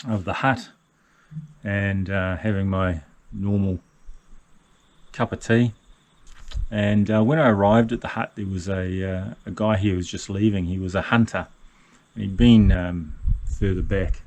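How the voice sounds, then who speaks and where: An older man from New talks in a low, easygoing voice. He rambles casually to an action camera as he hikes, filling pauses with plenty of ums and uhs. His tone is relaxed and unhurried. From New Zealand. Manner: relaxed, rambling, many fillers. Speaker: solo hiker vlogger. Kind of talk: casual outdoor vlog narration. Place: backcountry hut and deck outdoors.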